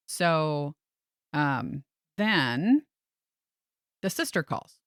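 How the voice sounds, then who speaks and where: A woman's voice: sits low, extremely slow, no echo. Woman telling a story with dry sound. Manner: animated, acts out quoted voices. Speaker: realtor and podcast host. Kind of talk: casual storytelling chat.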